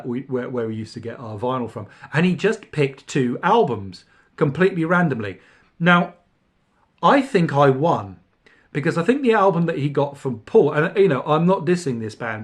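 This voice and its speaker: A middle-aged man hosting a casual podcast about vinyl records, rambling with many fillers and restarts. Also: medium pitch. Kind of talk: casual spoken review.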